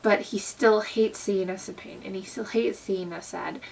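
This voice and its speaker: A woman's voice: mid-range voice, fairly even intonation, normal speed, gravelly, darkish tone, far from the mic, slight background noise, poor audio. A young woman talking in a casual, earnest vlog style about faith, with plenty of fillers. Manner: earnest, conversational, many fillers. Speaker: Christian vlogger. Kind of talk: casual devotional vlog talk.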